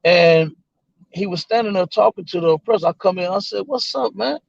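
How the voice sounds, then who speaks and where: A man, a guest on the show, telling a story in a loose, animated way, acting out other people's lines and swearing freely. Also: sits high, normal speed, gravelly, no echo, highs cut off. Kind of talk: casual storytelling.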